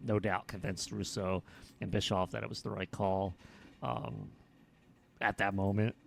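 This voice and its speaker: A man's voice: deep voice, gravelly, a little hiss or hum. A man co-hosting a podcast in laid-back, chuckling casual chat. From United States. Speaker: podcast co-host.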